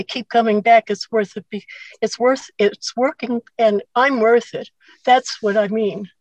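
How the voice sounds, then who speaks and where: A woman's voice: on the high side, dry recording, low-quality recording. Woman, grateful recovery share from a car, dry close sound. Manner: earnest, rambling, grateful. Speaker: meeting participant sharing. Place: sitting in her car.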